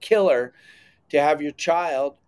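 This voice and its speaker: A middle-aged man talking on a casual podcast, emphatic and enthusiastic, his voice sitting a little high for a man. He punches his points hard and comes back to them again and again. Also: slow pace, a little mellow. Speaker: podcast host.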